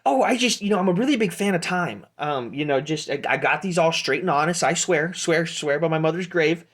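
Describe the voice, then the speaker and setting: A man voicing a shifty, fast-talking male halfling who peddles dubious goods with wheedling sales patter. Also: fairly high pitch, expressive, fairly bright tone, breathy edge, voice pushed up.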